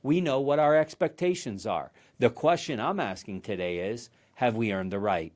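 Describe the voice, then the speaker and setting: A man's voice: mid-range voice, lively intonation, normal speed, darkish tone. A man hosting a podcast, giving a motivational leadership talk in an earnest storytelling manner, often restarting and repeating words. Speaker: podcast host.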